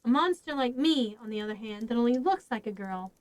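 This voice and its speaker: A woman's voice: fairly high pitch, expressive, a little fast, no echo, natural voice. A woman voicing an earnest young monster girl in a storybook reading, speaking eagerly.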